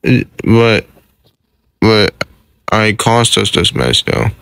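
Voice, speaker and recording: Sad young hero guy voiced by a man, whiny, keeps repeating himself, kinda gravelly. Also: on the low side, big pitch swings, slow pace, a bit bright, slight background noise, full character voice. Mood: hesitant. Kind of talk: casual fan roleplay.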